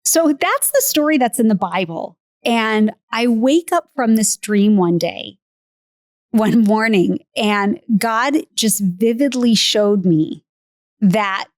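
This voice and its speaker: Woman, podcast host, earnest storyteller, mid-pitched, dry close sound. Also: no echo. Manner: earnest, retells with acted quotes. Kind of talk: casual storytelling.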